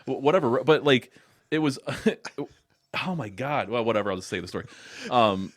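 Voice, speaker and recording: A man in casual chat, telling a story in halting bits with restarts and laughs. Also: mid-range voice, animated, dry recording, clean studio sound. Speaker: podcast guest.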